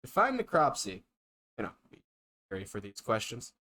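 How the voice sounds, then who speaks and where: Animated game streamer with a lively voice. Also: mid-range voice, moderate pace. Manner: animated, exclaims and chatters between reading. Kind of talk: live game commentary.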